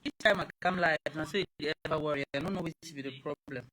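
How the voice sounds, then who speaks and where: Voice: medium pitch, fast talker, pushed and bright, low-quality recording. A live streamer, talking casually into an ordinary phone and asking the same puzzled questions over and over.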